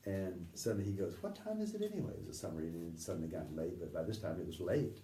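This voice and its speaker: A middle-aged man recounting memories in a halting, conversational way, often acting out the voices he quotes and sometimes dropping to a near whisper. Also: sits low, fairly even intonation, warm tone, slight background noise. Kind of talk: conversational anecdote telling. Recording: distant roomy recording with faint ambience.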